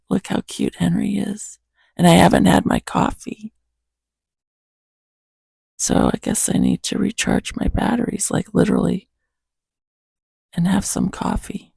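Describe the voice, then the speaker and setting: Hoarse, gravelly man reading scripture. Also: sits high, a little mellow, no echo. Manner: earnest, reflective, unhurried. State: hoarse morning voice. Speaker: host reading scripture to his cat. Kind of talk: casual Bible reading, reflection and prayer.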